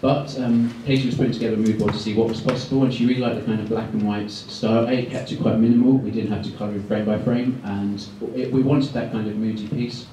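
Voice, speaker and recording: A man giving a guest talk to art students, talking quickly and loosely with many ums. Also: fairly low pitch, level tone, dark tone. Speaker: guest speaker at an art school. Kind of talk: presentation to students. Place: lecture room. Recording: echoey room, far from the mic, faint noise.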